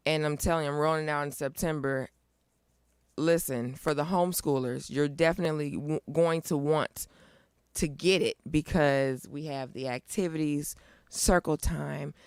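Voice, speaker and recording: Woman, middle-aged, interview guest, upbeat, emphatic, smooth voice, dry close sound. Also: low-pitched, no echo. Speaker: guest, nonprofit founder. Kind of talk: casual interview chat.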